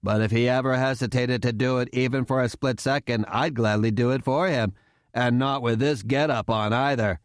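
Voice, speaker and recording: A man voicing a loyal armored soldier who speaks calmly and assuredly. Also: mid-range voice, moderate pace, dry recording, studio quality, lightly acted. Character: armored male soldier with synthesized voice, loyal, calm.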